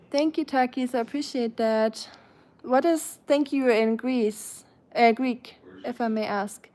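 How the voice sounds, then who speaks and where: This is a woman from Germany who speaks English with a German accent while hosting a relaxed livestream from home. Her voice sits slightly high. She chats easily, reads out comments and thanks viewers in a friendly way. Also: slow pace. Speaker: livestream host. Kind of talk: casual chat with viewers.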